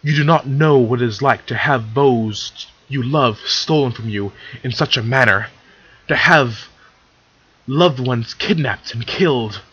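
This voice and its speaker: A man voicing an elder female pony ruler in a measured, formal and stern way, in a slightly low husky voice. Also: fairly bright tone. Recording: dull lo-fi recording.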